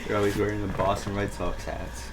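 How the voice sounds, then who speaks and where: A man's voice: lowish voice, little pitch movement, brisk, background noise. A young man in casual podcast chat who laughs often.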